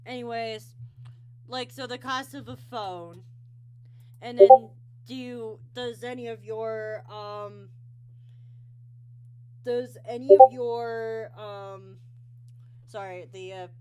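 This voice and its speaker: A woman's voice: fairly high pitch, steady tone, slow pace, pauses often, dark tone. A young woman hosting a casual online interview, rambling and sidetracked, with lots of ums and restarts. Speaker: interview show host.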